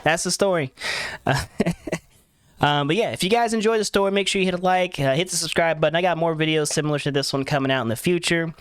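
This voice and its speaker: A man's voice: fairly high pitch, quick pace, clean tone, no room sound. A young man telling a story in a casual, rambling way, laughing often and acting out quotes of himself and others. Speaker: vlogger.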